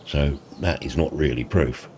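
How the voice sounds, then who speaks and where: A man with a bass voice speaks unhurriedly in a darkish tone, with slight background noise behind him. He's a roleplay host chatting and narrating in a casual farming roleplay, laid-back and saying "mate" a lot.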